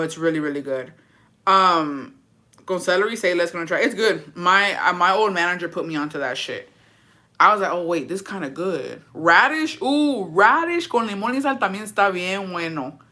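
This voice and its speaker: A woman's voice: on the low side, bright, forceful tone. A young woman livestreaming, chatting casually and answering viewer comments in a blunt, profane and dramatic way.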